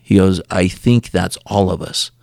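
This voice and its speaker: A man's voice: low voice, steady tone, a little slow, creaky, a little mellow, no room sound, clean studio sound. A man, a podcast guest, telling a story and acting out the dialogue in it, often repeating and restarting words.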